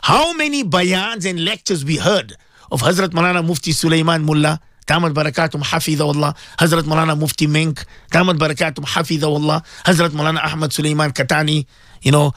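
This impassioned radio talk comes from a man who is both host and Muslim cleric, repeatedly posing rhetorical questions to those tuning in. His voice is a touch high with a fairly bright quality, captured dry.

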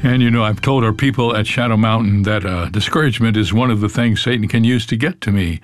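A pastor giving an earnest, storytelling sermon. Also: male voice, on the low side, fast, faint music behind. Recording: roomy hall reverb.

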